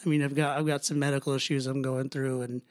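A man hosts his own podcast in a halting, earnest way, often stopping and starting over. He sounds low and weary but keeps going. His voice sits at an ordinary pitch and is recorded dry and close. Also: little pitch movement, no echo. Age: young adult to middle-aged, a father. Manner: halting, earnest, many restarts. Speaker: podcast host. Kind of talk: personal solo podcast talk.

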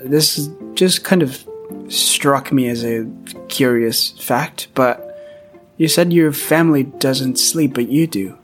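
A man's voice: medium pitch, slow, faint music behind, lightly acted. A man voicing a polite, curious young male adventurer who speaks hesitantly and apologetically in a tabletop role-play. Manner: hesitant, apologetic, many restarts.

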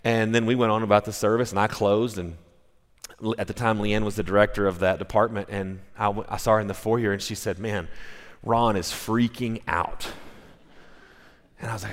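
A man's voice: mid-range voice, brisk. Man preaching in a reverberant church hall. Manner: conversational, animated, with restarts and acted-out quotes. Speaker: pastor. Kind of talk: sermon storytelling. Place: church sanctuary. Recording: long reverb in a large hall.

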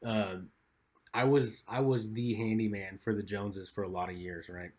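Low husky dude on a podcast, rambly, lots of ums and likes. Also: male voice, fairly even intonation, moderate pace, darkish tone. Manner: chatty, with lots of filler and self-corrections. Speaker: podcast co-host. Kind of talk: casual storytelling chat.

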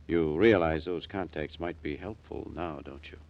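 An actor playing an earnest insurance adjuster in a 1940s radio drama. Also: male voice, a bass voice, moderate pace, creaky, dry recording, full character voice. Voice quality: earnest and businesslike. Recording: dull old radio broadcast.

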